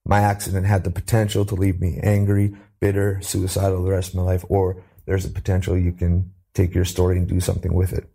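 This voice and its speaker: A man from Canada telling his life story as an interview guest, earnest and animated, lifting his voice when he quotes people. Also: brisk, vocal fry, hardly any pauses, husky. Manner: earnest, acts out quoted voices with rising pitch.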